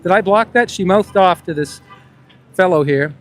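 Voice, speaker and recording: A man's voice: sits high, moderate pace. Needling street-interview man with put-on New York accent. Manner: leading, needling questions with muttered asides to camera. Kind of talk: confrontational street vlog. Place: outdoors on a city street. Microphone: camera on a tripod.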